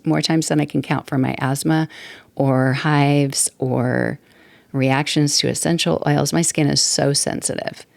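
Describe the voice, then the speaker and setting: A woman's voice: deep voice, gravelly, a little mellow, dry recording. A woman in her sixties hosting a podcast, talking casually and rambling, with frequent laughs. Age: 60s. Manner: chatty, rambling, laughs often. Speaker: podcast host. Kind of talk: casual solo talk. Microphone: desktop mic at computer.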